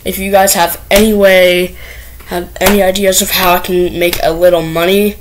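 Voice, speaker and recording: A woman's voice: on the low side, flat delivery, normal speed, a little hiss or hum, low-quality recording. Nervous rambling woman vlogger. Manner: nervous, rambling, many fillers. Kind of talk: casual first vlog to camera.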